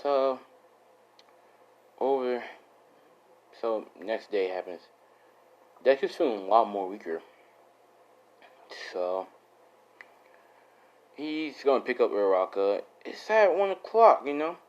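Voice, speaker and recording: A man's voice: medium pitch, big pitch swings, slow pace, long pauses, lo-fi sound. A man casually improvising a fan story, rambling, slangy and swearing, often correcting himself. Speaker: YouTuber storyteller.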